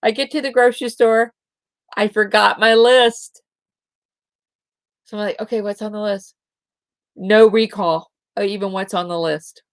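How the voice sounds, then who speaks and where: Slow, gravelly-voiced woman speaking gently. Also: medium pitch, steady tone, dry recording. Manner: gentle, encouraging, drawn-out delivery with soft giggles. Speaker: spiritual show host. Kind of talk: slow inspirational talk to listeners.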